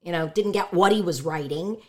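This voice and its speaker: A woman's voice: on the low side, brisk. A woman who is a voice actress and stand-up comedian, talking candidly and emphatically in an interview. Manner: animated, emphatic, outspoken.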